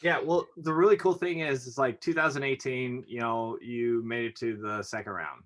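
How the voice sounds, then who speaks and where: A man's voice: medium pitch, moderate pace, a bit bright. A man hosting a casual interview, giving brief, encouraging prompts to his guest. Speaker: interview host.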